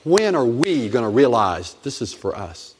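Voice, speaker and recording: Middle-aged pastor preaching in a hall. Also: male voice, medium pitch, sing-song, a little slow. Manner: emphatic, repetitive, exhorting. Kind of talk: sermon. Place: church sanctuary. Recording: long reverb of a church hall.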